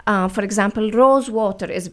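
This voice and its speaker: On a radio interview, a beauty brand founder from the Middle East talks earnestly in a medium-pitched voice at normal speed. She often uses fillers and restarts her sentences.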